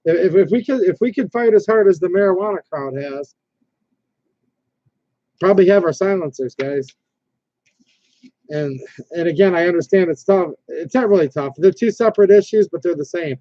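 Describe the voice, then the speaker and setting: A man's voice: sits high, moderate pace, pauses often, no room sound. A man hosting a casual livestream, rambling and reading viewer comments aloud, with frequent restarts. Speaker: livestream host. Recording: dull lo-fi stream audio.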